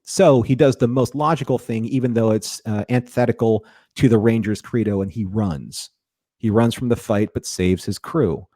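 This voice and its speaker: A man's voice: fairly low pitch, normal speed, warm tone, no echo, clean studio sound. A man co-hosting a casual review discussion, rambling and restarting his sentences often. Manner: rambling, repeats words, frequent restarts. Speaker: podcast co-host.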